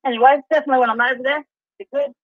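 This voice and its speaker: A woman's voice: high voice, steady tone, racing, no room sound. A woman with an Australian accent calling in to a talk show, chatting in a rambling, easygoing way and laughing easily. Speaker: caller. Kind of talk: casual call-in chat. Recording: dull distant phone-line sound.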